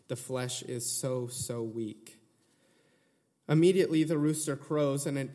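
A male preacher delivers an earnest sermon. His mid-pitched voice rises to emphatic retellings. The long reverb of a church hall trails each phrase. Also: darkish tone.

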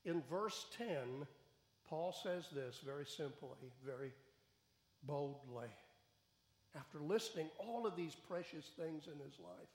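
A man's voice: fairly high pitch, expressive, takes it slowly, echoey room, in a large hall. A male pastor giving a sermon in a church, speaking earnestly and building to raised, emphatic questions. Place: church sanctuary.

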